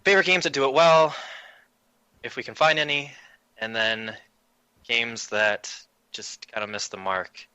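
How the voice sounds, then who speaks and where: A man's voice: mid-range voice, steady tone, measured pace, pauses often, pushed and bright, clear, resonant tone, no room sound, highs cut off. A man hosting a casual podcast chat, upbeat and jokey, telling loose stories on a close mic. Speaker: podcast host.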